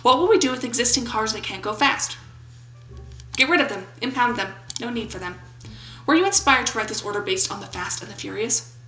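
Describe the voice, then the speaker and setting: A woman's voice: a little high, lively intonation, a little fast, bright, forceful tone, echoey room, soft background music, rough recording. A woman of about twenty-seven, commenting on a game in a playful, goofy way and reading its questions aloud. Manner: playful, goofy, jokes and brief put-on voices. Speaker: gaming YouTuber.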